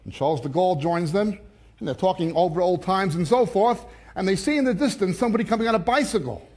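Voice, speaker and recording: A man with a notably high voice giving a sermon. He tells jokes in a lively, storytelling way, then turns to reading scripture verse by verse. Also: quick pace. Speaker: Bible teacher.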